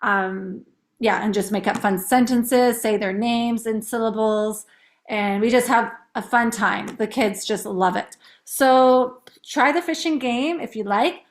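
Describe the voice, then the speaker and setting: A woman teacher chatting casually and upbeat, explaining how she teaches young kids to count syllables. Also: fairly high pitch. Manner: chatty, upbeat, demonstrates words slowly in syllables.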